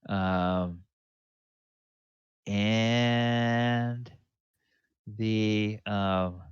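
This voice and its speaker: A low-voiced man narrates a tabletop game as dungeon master, pausing often with ums and restarting his sentences. He talks very slowly. The recording is dry and slightly muffled. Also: steady tone, clear, resonant tone, no echo. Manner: halting, full of ums and restarts. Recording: dull lo-fi dry sound.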